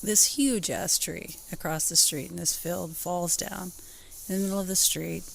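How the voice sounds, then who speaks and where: A woman's voice: lowish voice, fairly even intonation, moderate pace, vocal fry. A woman co-hosting a podcast, chatting casually and telling a story in short bursts with frequent laughter. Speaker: podcast co-host.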